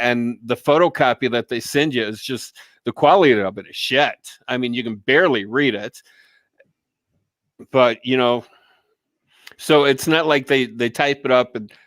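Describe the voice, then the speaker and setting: Male co-host, smooth voice, dry recording, rambling casual chat. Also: medium pitch, fairly bright tone, no room sound. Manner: rambling and profane, many false starts.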